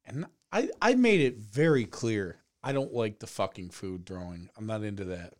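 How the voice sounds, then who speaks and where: Host, male, lively pitch, swears a lot, casual storyteller. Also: normal speed. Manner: animated, swears freely, laughs often.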